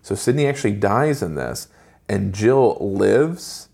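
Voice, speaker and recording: Gravelly low-voiced man in his forties. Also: very animated, darkish tone. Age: 40s. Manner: opinionated, ranting with quick asides. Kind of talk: casual movie review chat.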